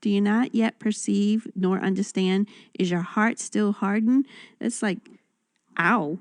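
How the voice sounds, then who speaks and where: A woman's voice: mid-range voice, fairly even intonation, a little slow, no room sound, studio quality. A woman reading Bible verses aloud, then commenting on them in a conversational way. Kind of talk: reading and discussing scripture.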